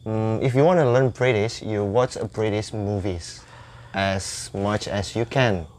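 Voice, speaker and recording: Young Indonesian male student, Indonesian accent, relaxed guest, searching for words. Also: lowish voice, unhurried, a little hiss or hum. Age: young adult. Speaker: university English student, guest. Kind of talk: casual chat in English.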